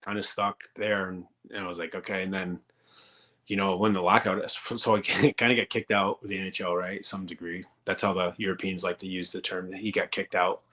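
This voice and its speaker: A man's voice: low voice, level tone, a little fast, pushed and bright. A man in his thirties, a former pro hockey player, telling rambling, profane stories in a casual interview. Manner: rambling and profane, many fillers.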